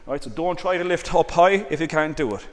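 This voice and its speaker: A man leading an exercise class, calmly cueing breaths and counting reps, with "all right" again and again. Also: on the high side, fast. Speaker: exercise instructor. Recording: long reverb, faint background noise.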